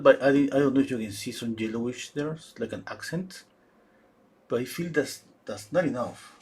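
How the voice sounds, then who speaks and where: A man giving a live painting demonstration, thinking aloud in a halting way with frequent restarts. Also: mid-range voice, slightly rough. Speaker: painting instructor.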